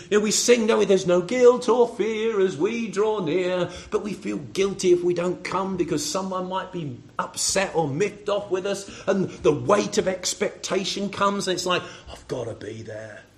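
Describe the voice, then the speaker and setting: Man, preacher, sermon, quite high voice, conversational, asks rhetorical questions. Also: vocal fry. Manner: conversational, addressing congregation members by name.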